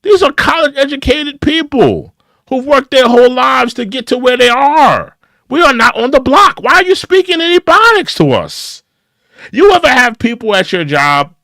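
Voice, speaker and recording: Lively high-voiced male commentator. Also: dry recording, studio quality. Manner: animated, critical, repeats phrases. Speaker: commentary show host. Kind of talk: opinionated commentary on clips.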